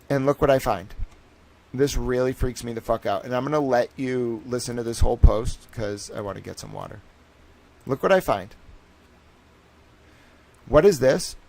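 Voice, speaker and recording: Man, gravelly voice, casual livestream rant, profane, rambling, cocky, lots of fillers and restarts. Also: medium pitch, a little slow, long pauses, darkish tone. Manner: profane, rambling, self-assured; restless, with many fillers and restarts. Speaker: streamer and citizen investigator.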